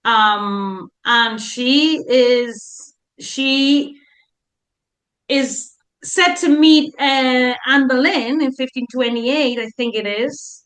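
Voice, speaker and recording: A woman's voice: sits high, extremely slow, fairly bright tone. A woman co-hosting a history podcast in casual chat, telling stories and acting out historical figures in voices.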